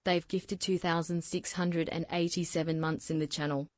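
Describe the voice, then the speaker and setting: A synthetic woman's voice reading automated stream alerts, flat and mechanical. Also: on the low side, moderate pace. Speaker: text-to-speech alert reader.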